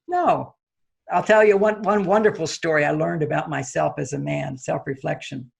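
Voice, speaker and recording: Speaking a little fast in a gravelly, husky voice, a man who writes about relationships shares a personal story as an interview guest. He reenacts his reactions with abrupt, loud leaps up in pitch.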